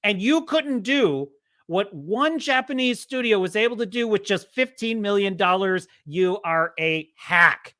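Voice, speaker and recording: A man's voice: high voice, animated, moderate pace, a bit bright, dry recording. A man hosting a podcast, giving an impassioned, profane movie commentary and mocking the people he criticizes. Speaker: podcast host.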